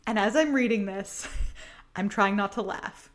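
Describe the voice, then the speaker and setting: A woman's voice: mid-range voice, a little slow. A woman host reading a playful story aloud and commenting on it, giggling often. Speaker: podcast host.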